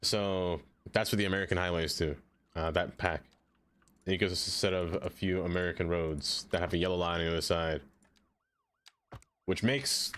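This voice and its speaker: Man, game streamer, lowish voice, chatty, laughs a lot, talks to chat, bursts of high excitement. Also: normal speed, pauses often, clean tone. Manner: jumps to high excited exclamations. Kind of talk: casual live-stream gameplay chat.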